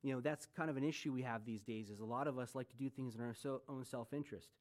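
A man's voice: medium pitch, quick pace, a little mellow. A man in his forties preaching a sermon as pastor, conversational, with joking asides and rhetorical questions. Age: 40s.

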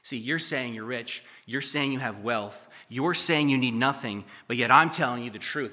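Bright-voiced pastor preaching conversationally. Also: male voice, mid-range voice, moderate pace. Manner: conversational, asks the congregation questions; jokes and teases, swings between loud emphasis and quiet asides. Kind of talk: sermon. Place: church.

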